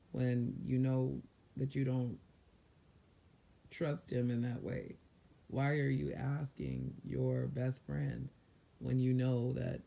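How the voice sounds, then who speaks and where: A man's voice: medium pitch, creaky, dark tone, muffled recording. A man from San Diego giving casual motivational advice to viewers in a loose, conversational way. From San Diego, California. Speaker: mindfulness vlogger.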